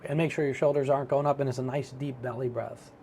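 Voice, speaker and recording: A middle-aged man giving a motivational self-help talk, animated and storytelling as he acts out his own thoughts. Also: medium pitch, quick pace, slight background noise.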